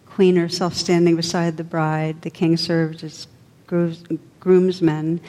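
Woman storyteller, measured expressive reading, dark mellow tone, long hall reverb. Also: fairly low pitch. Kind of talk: storybook narration.

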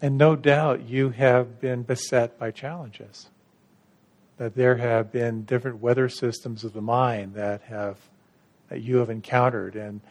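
A middle-aged man giving a gentle, reflective dharma talk to retreat participants, unhurried, with soft restarts. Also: mid-range voice, creaky. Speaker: meditation retreat teacher.

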